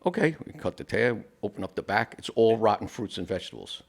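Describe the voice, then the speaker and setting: A firefighter co-hosts a podcast in a relaxed, rambling style, his low voice acting out the dialogue of his stories as he goes. He fills the pauses with plenty of "you know" and keeps it conversational. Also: creaky. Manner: tells stories with quoted dialogue, many "you know" fillers. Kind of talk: casual interview storytelling.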